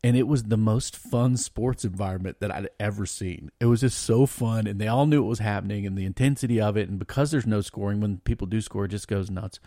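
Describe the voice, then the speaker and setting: Gravelly-voiced man telling a story. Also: fairly low pitch, fairly quick, few pauses, no room sound, studio quality. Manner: rambling and animated, frequent restarts. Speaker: podcast guest. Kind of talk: casual storytelling chat.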